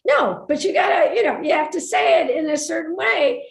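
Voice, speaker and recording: A woman from Brooklyn with a New York accent, an author and writing teacher telling stories in an emphatic, animated way at a book event. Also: very high voice, a little fast, creaky. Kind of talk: lively conversation at a book event. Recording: roomy echo.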